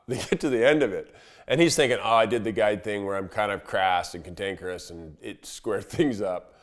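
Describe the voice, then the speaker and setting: A man working as a fishing guide, telling a story in a laid-back, casual way and chuckling as he goes. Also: fairly low pitch. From Montana. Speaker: fishing guide giving a fishing report.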